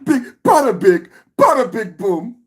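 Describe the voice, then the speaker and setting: A man imitating an excited alien woman from a film, chanting a catchphrase in a husky, playful singsong. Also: very high voice, unhurried, background noise, voice pushed up, exaggerated voice.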